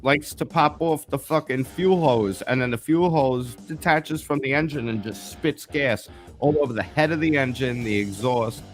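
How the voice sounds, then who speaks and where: A man's voice: medium pitch, normal speed, hardly any pauses. Male host, casual live stream chat, swears a lot, tells stories, faint music behind. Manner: profane, storytelling, greets viewers by name.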